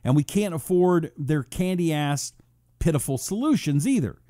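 This talk radio host, a man covering politics, takes on critics and listener messages with a sarcastic, combative streak, parodying detractors in high put-on voices. He's animated yet unhurried, with a mellow sound. The recording is studio quality without echo.

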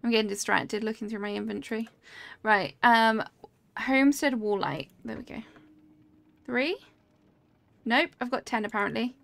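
A woman's voice: fairly high pitch, fairly even intonation, normal speed, creaky, long pauses, fairly bright tone. A young woman streaming a cozy game, chatting casually and reacting aloud to what happens on screen while answering her chat.

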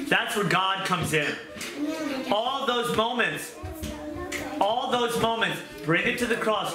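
A man preaching a sermon to a small group in an earnest, conversational way, with quick asides and questions to his listeners. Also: high voice, animated, over music. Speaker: pastor. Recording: echoey room with background noise.

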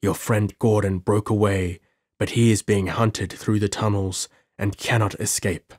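A cold, sinister mastermind of science, read by a man in an audiobook, murmuring with detached clinical calm. The voice sits low and the words come slowly and deliberately, with a dry close sound. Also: no echo. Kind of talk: audiobook character voice.

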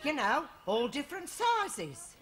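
A woman's voice: high-pitched, huge pitch swings, measured pace, heavily acted. An actress playing a fussy, rambling older mother in a 1970s studio sitcom. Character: fussy, dotty London mother. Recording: hissy old TV soundtrack.

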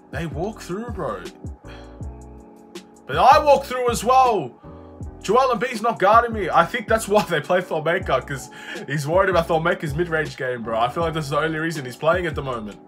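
Excitable young man narrating his own gameplay. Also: fairly high pitch. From Australia. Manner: excitable, swings from muttering to frustrated shouting. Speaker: gaming YouTuber. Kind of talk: live gameplay commentary.

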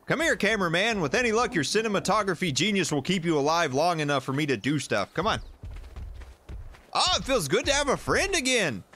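A man giving jokey, animated commentary while playing a survival game and talking to the creatures in it. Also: high voice, a little fast. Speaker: gaming YouTuber. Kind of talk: playthrough commentary.

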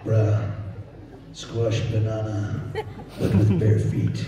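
A man's voice: on the low side, completely flat delivery, slow pace, noisy background, voice pushed down. Man doing a drawling Cape Town baboon shaman. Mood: playful. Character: old male baboon shaman, loose and jokey. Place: large convention hall. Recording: echoey hall from far off, crowd. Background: crowd murmur.

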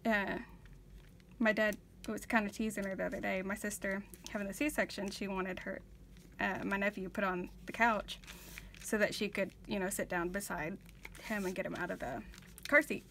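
A woman's voice: medium pitch, normal speed, long pauses, fairly bright tone, slight background noise. A woman vlogger chatting casually while she paints, telling family stories with many fillers and restarts. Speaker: vlogger, art journaler.

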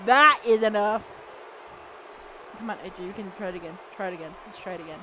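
A woman commentating her own wrestling video game match, excitable, swearing and shouting at the screen. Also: medium pitch, fast. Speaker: gaming channel host. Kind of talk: let's play commentary. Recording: game crowd and arena noise behind.

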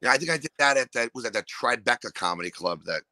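A comedian from New York with a New York accent, talking casually and profanely, breaking into loud, ranting impressions. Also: male voice, medium pitch, animated, fast, dry recording, low-quality recording. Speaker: comedian guest. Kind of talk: casual podcast chat.

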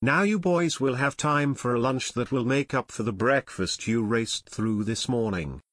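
A man's voice: mid-range voice, unhurried, fairly bright tone, no room sound, clean studio sound. A man voicing an older aunt who is tart and disapproving. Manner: tart, contemptuous.

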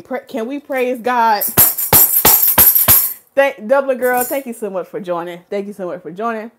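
A woman from North Carolina, USA, with a fairly high voice, hosts a casual hair care live stream at a moderate pace over soft background music. She greets chat viewers by name and gets animated and preachy when making her points, apparently talking into a phone or webcam.

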